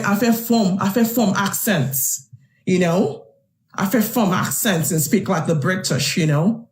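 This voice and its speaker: A woman's voice: medium pitch, a little mellow. Passionate Yoruba woman, echoey room. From Yoruba southwest Nigeria. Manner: rhetorical questions, switching between Yoruba and English. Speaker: live stream host. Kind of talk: impassioned live stream monologue.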